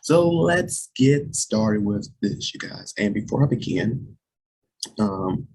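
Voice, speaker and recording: A young man hosting a casual talk show, chatty and repetitive, speaking to viewers as "you guys", with a voice that cracks and drops deep. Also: animated, slow, darkish tone, husky, poor audio. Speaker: host.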